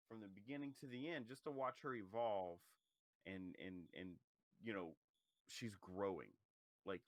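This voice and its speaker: A man's voice: fairly low pitch, dry recording. A man co-hosting a parenting podcast, telling stories about his kids, jokey and sentimental. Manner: warm storyteller, jokey, sentimental. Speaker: podcast co-host. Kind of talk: casual chat.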